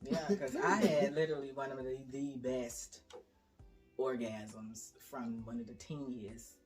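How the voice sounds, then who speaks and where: A woman's voice: extremely low pitch, fairly even intonation, a little slow, over loud music. A woman in a casual panel chat, telling frank stories with a laugh.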